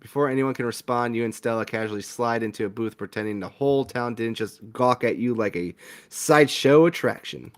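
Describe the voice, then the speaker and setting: A man playing a visual novel and reading its narration aloud, playful and expressive. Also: mid-range voice, brisk. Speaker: gaming streamer.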